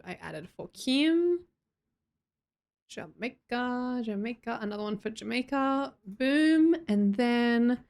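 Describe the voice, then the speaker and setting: Australian woman, young adult, livestream chatter, lively pitch, laughs a lot. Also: takes it slowly. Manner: chatty, reads chat aloud, laughs often. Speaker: livestream host. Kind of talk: casual livestream chat.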